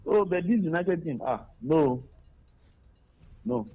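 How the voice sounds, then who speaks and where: A man's voice: fairly high pitch, lively intonation, slow pace, vocal fry, breathy edge, narrow, tinny audio, faint music behind. A man phoning in to a sports radio show, answering emphatically and repeating his points. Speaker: radio caller.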